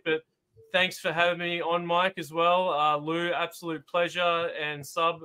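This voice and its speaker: A man with an Australian accent, guesting as a football analyst, talking through stats in a measured way with many "um"s. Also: fairly high pitch, little pitch movement, sharp tone, smooth. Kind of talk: casual chat.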